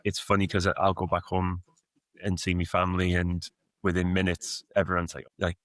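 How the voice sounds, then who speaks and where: A man in his thirties with a softened Geordie accent, reflecting on his coaching path in a casual podcast interview, rambling with many fillers. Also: sits low, completely flat delivery, moderate pace, no room sound. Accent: Geordie, softened by years in the US. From Newcastle, England. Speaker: guest, football coach.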